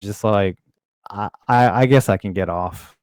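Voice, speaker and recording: A man's voice: lowish voice, measured pace, a little mellow, clear, resonant tone, dry recording. A man co-hosting a podcast in casual chat, joking and riffing with plenty of profanity. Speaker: podcast co-host.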